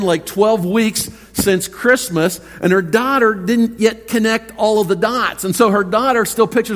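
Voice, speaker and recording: A man preaching a sermon as pastor, earnest and conversational, often repeating words as he starts a thought. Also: high-pitched. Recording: long hall reverb.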